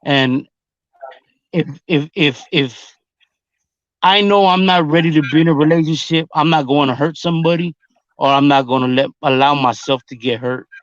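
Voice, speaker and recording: A man's voice: on the high side, steady tone, normal speed, no echo. A man talking as a rapper guest in casual storytelling chat, blunt and profane, often repeating himself. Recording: muffled lo-fi recording.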